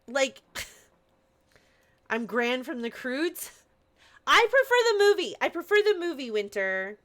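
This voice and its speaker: A young woman rambles through a live game stream, her voice bouncing around with lively swings in pitch. She chats casually and playfully, tossing out asides as she goes. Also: takes it slowly. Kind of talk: casual chat while playing a game on stream.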